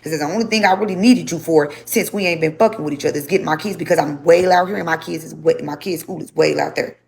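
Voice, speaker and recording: A woman's voice: deep voice, fast talker, gravelly, a little mellow. A young woman telling her story to a livestream audience, speaking bluntly with lots of swearing and repetition.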